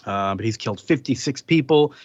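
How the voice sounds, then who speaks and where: A man's voice: medium pitch, fairly quick, dry recording, highs cut off. Man casually recapping a comic. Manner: relaxed recap with frequent ums and chuckles. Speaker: podcast host. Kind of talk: casual chat, summarizing a comic.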